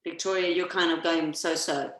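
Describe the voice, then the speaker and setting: Calm low-voiced woman coaching breathing. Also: moderate pace, roomy sound, poor audio. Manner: calm, explanatory, coaching listeners through breaths. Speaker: massage therapist leading a workshop. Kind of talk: guided breathing instruction.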